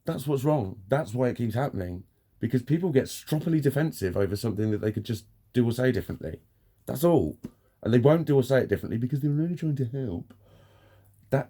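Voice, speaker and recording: A man's voice: on the low side, dark tone. A man in a candid vlog monologue, frank and ranting, swearing often as he vents. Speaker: vlogger.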